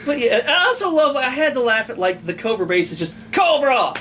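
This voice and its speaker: A man talking casually with a friend, his pitch jumping around a lot as he gets worked up, sometimes shouting. A faint hiss and room ambience sit behind his voice. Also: fast talker. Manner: animated, swears and shouts when ranting. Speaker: co-host. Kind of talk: casual chat.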